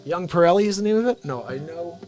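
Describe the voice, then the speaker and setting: A male livestream host giving unscripted comedic talk, animated and mocking, quick to slip into voices. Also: high-pitched, over music.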